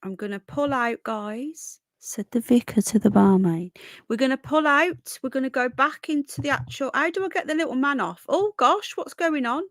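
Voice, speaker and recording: A woman's voice: high voice, normal speed, few pauses, a bit bright, no echo, clean studio sound. A woman hosting a casual live stream, thinking aloud and greeting viewers by name.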